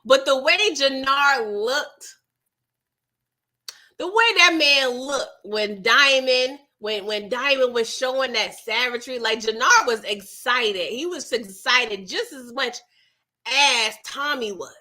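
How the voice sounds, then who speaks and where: Woman, high voice, slangy and expressive, casual TV recap vlog. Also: takes it slowly. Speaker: TV recap vlogger. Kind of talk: casual episode recap commentary.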